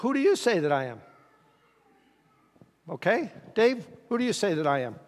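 A man's voice: high voice, sing-song, moderate pace. A man preaching a conversational sermon as pastor, folksy and asking the congregation questions in a church sanctuary. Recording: reverberant church hall.

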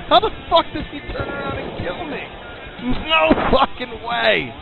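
A young man yelling and swearing in exasperation while commenting on his own gameplay. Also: very high voice, sing-song, unhurried, vocal fry. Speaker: gamer. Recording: tinny narrow-band capture over game music. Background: game music.

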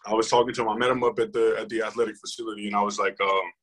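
Relaxed young man telling stories. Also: lowish voice, very fast, husky, poor audio. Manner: relaxed, rambling, lots of fillers and restarts. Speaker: football player guest. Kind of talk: casual interview storytelling.

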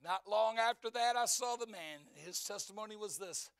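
A man in his fifties preaching a sermon in church, telling a story in hushed tones and then building to fervent shouts. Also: sits high, normal speed, few pauses, no room sound, studio quality. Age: 50s.

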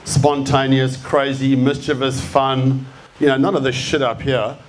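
A man's voice: mid-range voice, flat delivery, a little slow. An Australian man in his fifties giving a live motivational talk, blunt and punchy, swearing freely as he rouses the room. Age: 50s. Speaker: speaker. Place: event venue with an audience.

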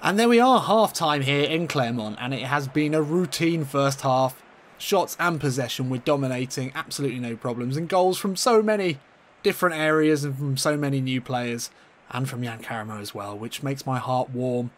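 A man commentating his own football video game match in a playful mock-commentator style, getting excitable and leaping up in pitch at chances. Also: moderate pace. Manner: excitable, jumps high in pitch at chances, laughs often.

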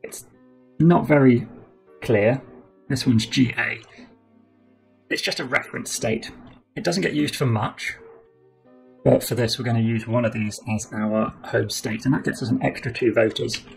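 A man's voice: mid-range voice, a little slow, vocal fry, pauses often, soft background music, rough recording. A British man streaming a board game playthrough, explaining rules step by step as he thinks aloud.

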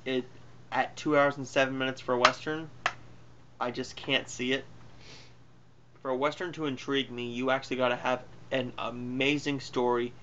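A man's voice: mid-range voice, level tone, normal speed, sharp tone, a little hiss or hum. Offhand rambling man, muffled lo-fi recording. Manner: rambling and offhand, with fillers and self-corrections. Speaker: film reviewer. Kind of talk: casual spoken movie review.

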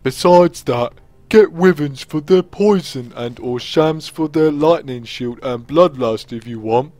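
Man voicing a slow-witted ogre for game commentary, heavy and unhurried delivery. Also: fairly high pitch, dark tone, dry recording, voice pushed up, close to an everyday voice. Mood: plodding. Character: slow, dim-sounding male ogre.

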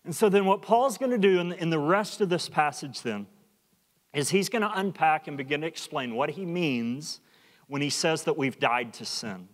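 A man's voice: fairly high pitch, animated, moderate pace, in a large hall. A male pastor preaching a sermon earnestly, often repeating and restarting phrases for emphasis. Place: church sanctuary.

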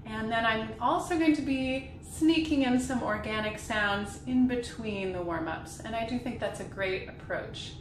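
A young woman voice teacher leading a vocal warm-up, talking gently and slowly between sung demonstrations. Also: fairly high pitch, a little hiss or hum. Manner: slow, gentle guiding talk with sung demonstrations. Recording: roomy sound with piano behind.

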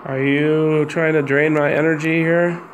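A man investigating the paranormal, gently coaxing and questioning unseen spirits inside a hotel room. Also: on the high side, flat delivery, unhurried, background noise. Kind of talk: ghost box session, questioning spirits.

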